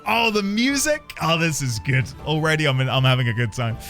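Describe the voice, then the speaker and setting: A man's voice: on the high side, expressive, brisk, a bit bright. A man streaming a video game live, chatting and joking as he plays and reading place names aloud. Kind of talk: live gameplay commentary. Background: game music.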